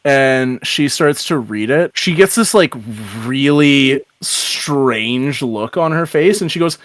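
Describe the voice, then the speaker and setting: A woman's voice: extremely low pitch, lively intonation, slow. Woman running a tabletop game. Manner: laughing, casual. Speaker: game master.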